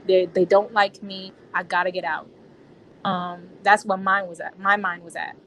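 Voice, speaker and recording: A woman's voice: medium pitch, level tone, moderate pace, a bit bright, a little hiss or hum, poor audio. Woman telling a story in casual slang. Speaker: interviewee. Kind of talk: personal account in an interview.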